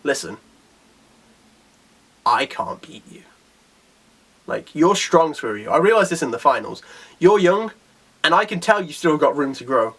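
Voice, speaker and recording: A man voicing an arrogant, ruthless male martial artist in a low, boastful tone while retelling a comic. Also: lively intonation, moderate pace, a bit bright, breathy edge, heavily acted. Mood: serious.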